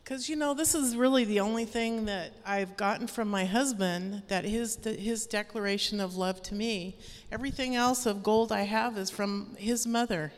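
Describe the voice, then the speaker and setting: A woman sharing an earnest, animated personal testimony as a praise report at a church gathering. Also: mid-range voice, normal speed. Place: church hall. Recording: long reverb of a hall.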